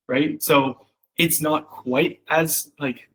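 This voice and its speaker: A man's voice: on the high side, slow, fairly bright tone, husky, poor audio. A man working as a copywriting coach, giving a loose, chatty one-on-one critique full of fillers and acted-out examples. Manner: loose and chatty, many fillers, acts out quoted voices. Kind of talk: casual one-on-one copy critique.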